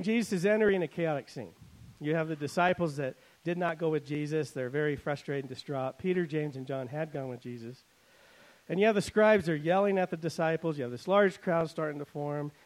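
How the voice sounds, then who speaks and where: Animated man preaching a sermon. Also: a little high, low-quality recording. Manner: animated preaching, dramatic swings between loud emphasis and quiet asides; paraphrases scripture in a conversational, wry tone. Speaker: pastor.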